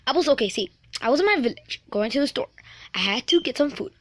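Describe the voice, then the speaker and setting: A woman voicing a hot-headed male cartoon bird in a fan toy role-play, in an excited, emphatic manner. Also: high voice, fast talker, no echo.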